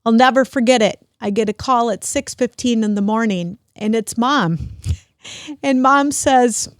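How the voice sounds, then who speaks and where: Tearful, grateful woman, a touch high. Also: measured pace, no echo, studio quality. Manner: emotional, grateful, at times tearful. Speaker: podcast host. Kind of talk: heartfelt family conversation.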